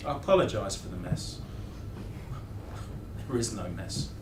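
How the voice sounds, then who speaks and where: A man's voice: fairly low pitch, lively intonation, unhurried. A young man acting a reflective theatrical monologue in a wry storytelling way, recorded in a rehearsal room. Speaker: actor. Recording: echoey room, distant mic, noise.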